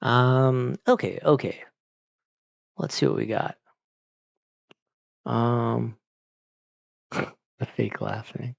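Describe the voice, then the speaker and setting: Man, casual streamer, rambling chat; gravelly, dry, slightly muffled sound. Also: mid-range voice, drawn-out words, pauses often, no echo. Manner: rambling, laid-back, talks to chat. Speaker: streamer chatting with viewers. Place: home, evening stream.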